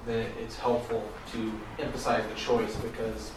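A man's voice: lowish voice, monotone, moderate pace. A man speaking up as a student in a class discussion, hesitant and full of fillers. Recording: distant mic in echoey room with noise.

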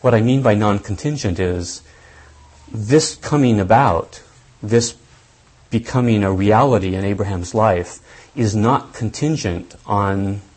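Husky-voiced man teaching scripture. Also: on the low side, darkish tone, poor audio. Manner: deliberate, thinking aloud with restarts and emphasis. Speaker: Bible teacher. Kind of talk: lecture on scripture.

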